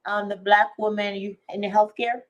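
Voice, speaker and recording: Brisk woman host of a live show. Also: mid-range voice, flat delivery, highs cut off. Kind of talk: live stream hosting.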